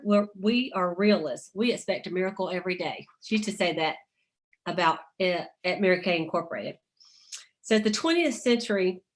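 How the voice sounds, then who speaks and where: Woman, middle-aged, sales team leader, chatty motivational call, reads quotes aloud, mid pitch. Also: a bit bright.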